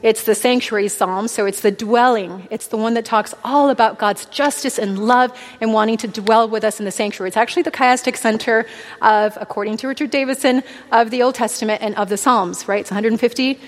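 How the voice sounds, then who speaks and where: A woman in her thirties giving an earnest, heartfelt testimony sermon to a church. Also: a little high. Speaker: speaker at a church. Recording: long hall reverb.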